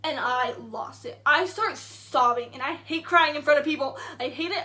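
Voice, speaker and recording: A woman's voice: high voice, lively intonation, moderate pace, hardly any pauses, pushed and bright. A young woman telling a story to camera in a chatty, indignant way, full of "like" fillers. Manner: indignant retelling. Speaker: vlogger. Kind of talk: casual storytime.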